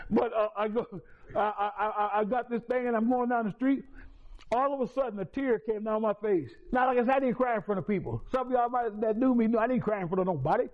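A man giving a personal testimony in a lively, colloquial storytelling way, with many restarts. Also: high-pitched, phone-quality sound. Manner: colloquial, repetitive restarts, chuckles through the story.

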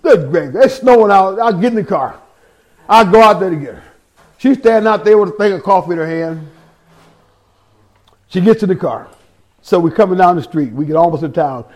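Man, very high voice, preaching a testimony, street slang mixed with scripture, repeats words. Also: lively intonation, a little fast, long pauses, a little mellow. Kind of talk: sermon testimony.

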